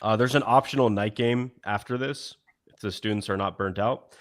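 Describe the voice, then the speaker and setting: A man's voice: lowish voice, normal speed. A man in a panel discussion, casually laying out his coaching program with lots of hesitation. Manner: casual, hesitant, many fillers. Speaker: dating coach.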